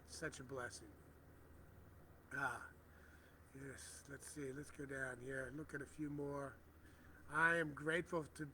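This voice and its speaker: A middle-aged man hosting a prayer livestream outdoors, speaking gentle, reverent affirmations as he reads viewers' comments aloud over a phone. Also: a little high, slight background noise. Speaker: spiritual livestream host.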